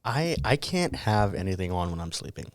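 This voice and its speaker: Deep-voiced young man podcast co-host. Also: big pitch swings, dry recording, studio quality. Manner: easygoing, quick asides. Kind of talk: casual chat.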